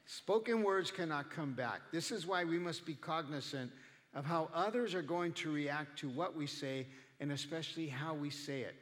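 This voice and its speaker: A man's voice: a little high, moderate pace, a bit bright, long reverb tail. A male pastor preaching a sermon in a conversational way, acting out the people he quotes. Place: church.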